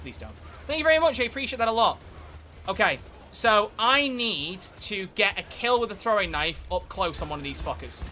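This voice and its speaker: A man giving live, excitable gameplay commentary as a streamer, swearing and bursting into shouts. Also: sits high, normal speed, soft background music. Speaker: game streamer.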